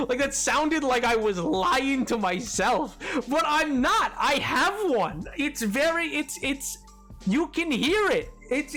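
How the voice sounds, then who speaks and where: A man's voice: extremely high pitch, a bit bright. Stammering, rambling man streamer. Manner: rambling, stammering self-deprecating banter. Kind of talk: casual gameplay commentary. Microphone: desk microphone.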